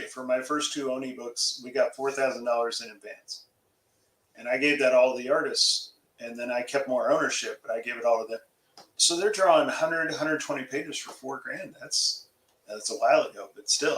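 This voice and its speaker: Middle-aged male guest, candid and relaxed, echoey room sound. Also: medium pitch, brisk. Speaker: comics writer guest. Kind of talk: casual interview chat.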